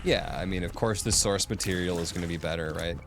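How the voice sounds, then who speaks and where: Low-voiced man chatting over game music. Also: brisk, gravelly. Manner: chatty, thinks aloud and answers chat. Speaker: streamer. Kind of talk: casual gaming commentary. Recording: game music playing behind.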